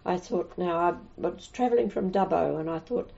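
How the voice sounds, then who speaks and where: Gravelly-voiced older woman telling stories. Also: fairly low pitch, moderate pace, mellow. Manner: rambling, with many restarts and chuckles. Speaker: nun being interviewed. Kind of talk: casual anecdotal storytelling. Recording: dull lo-fi recording.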